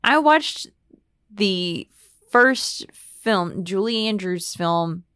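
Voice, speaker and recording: A woman's voice: medium pitch, animated, extremely slow, a bit bright, smooth, no echo, studio quality. A woman podcast host reading a fan theory aloud and chatting enthusiastically with her co-hosts.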